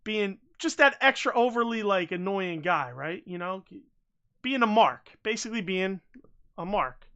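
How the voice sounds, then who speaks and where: A man co-hosting a casual podcast, rambling and excitable, swearing freely and saying bro a lot. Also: high voice, a little slow, smooth, lo-fi sound. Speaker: podcast co-host. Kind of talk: casual chat.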